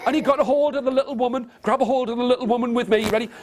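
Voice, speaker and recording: A man telling an interactive story to nursery children in a classroom, animated and coaxing, getting them to copy his gestures. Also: very high voice, rapid-fire. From England. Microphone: video camera. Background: guitar.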